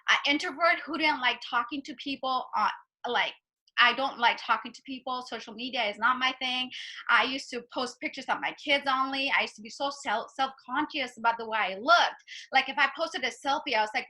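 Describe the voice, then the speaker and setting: A woman's voice: high voice, sharp tone, low-quality recording. A woman in her thirties, a coach, telling her personal story on a group video call in an earnest, emotional way with many fillers.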